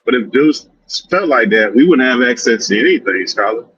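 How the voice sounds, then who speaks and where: Male co-host, husky, emphatic complainer, dull lo-fi dry audio. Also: mid-range voice, animated, a bit bright, no room sound, soft background music. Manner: emphatic, complaining, drawn-out "man". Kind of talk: casual podcast chat.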